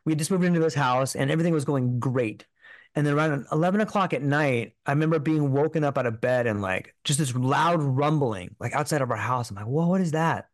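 A man's voice: medium pitch, a little fast, no echo. A man telling a personal story as a podcast guest, in an earnest, rambling way full of filler words.

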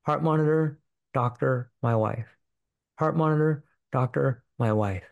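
A man's voice: mid-range voice, measured pace, gravelly, no echo, lo-fi sound. A man, a podcast guest, earnestly telling a personal story, swearing freely and repeating himself. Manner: earnest, profane, repetitive, full of fillers.

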